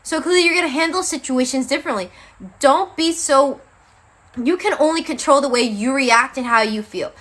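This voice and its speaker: Young female tarot reader, casual and chatty, bright voice, a bit weary. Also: sits high, normal speed. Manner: casual, chatty, calls viewers babe. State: tired, yawning. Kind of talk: live-stream tarot reading.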